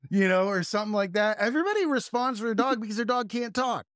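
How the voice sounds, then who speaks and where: A man's voice: high-pitched, lively intonation, fast, a bit bright, clean tone, no echo, studio quality. A young man hosting a podcast in casual chat, loose and jokey, often slipping into silly voices. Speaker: podcast host.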